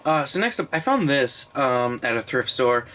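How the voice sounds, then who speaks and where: A man in his twenties chatting casually on camera about his movie collection, a little drunk and slurring, rambling and swearing with excitable bursts. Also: mid-range voice, normal speed. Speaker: collection vlogger. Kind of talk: casual unscripted video review.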